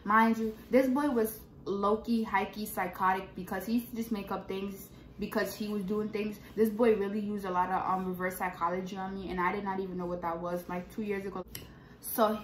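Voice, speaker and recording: A woman's voice: mid-range voice, flat delivery, fairly quick, slight background noise. A young woman telling a storytime to camera in casual, blunt, slangy and profane talk. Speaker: vlogger. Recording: echoey room.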